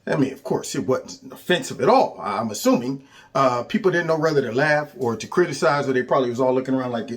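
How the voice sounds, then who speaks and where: A man's voice: medium pitch, animated, fast. A man hosting a political commentary vlog, speaking casually with sarcastic, emphatic jabs and repeated catchphrases. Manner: mocking, sarcastic, emphatic and repetitive; casual, colloquial speech.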